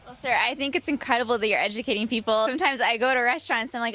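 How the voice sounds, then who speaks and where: Fast-talking upbeat woman interviewer. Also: on the high side, pushed and bright. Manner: upbeat, quick, friendly. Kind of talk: casual interview.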